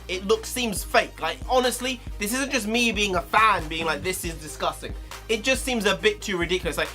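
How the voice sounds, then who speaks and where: A man, ranting heatedly in a review vlog, swearing, his pitch swinging up and down. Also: bright, forceful tone. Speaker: video reviewer.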